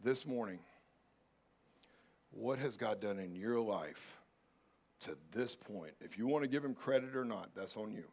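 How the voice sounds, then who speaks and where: A male pastor preaching a sermon, dropping to soft, close pleas and then rising to loud, urgent calls. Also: on the low side, lively intonation, a little slow, long pauses, slightly rough. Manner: swings from hushed pleading to loud urgent calls.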